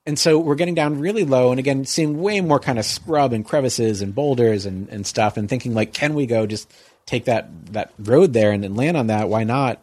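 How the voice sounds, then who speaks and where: A man's voice: mid-range voice, normal speed, darkish tone, dry recording. A man telling a long story in casual chat, rambling with lots of "like" and "you know".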